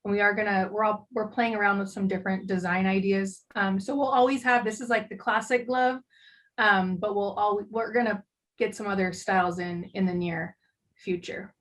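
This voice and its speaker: A woman's voice: mid-range voice, fairly even intonation, normal speed, a bit bright, poor audio. A woman taking part in a casual interview over a video call, chatting about her products with plenty of "um"s. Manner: chatty, explains products with fillers. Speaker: guest, glove company owner.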